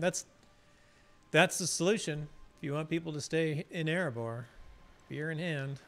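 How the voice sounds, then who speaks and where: A man's voice: on the high side, moderate pace, fairly bright tone, faint music behind. A man casually rambling and chatting while streaming a fantasy game, often restarting his sentences. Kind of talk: casual gameplay commentary.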